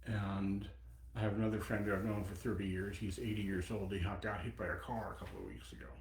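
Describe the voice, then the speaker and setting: Reflective seventy-year-old man in echoey room. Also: lowish voice. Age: 70s. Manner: reflective, pausing, personal. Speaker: Buddhist teacher. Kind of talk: dharma talk.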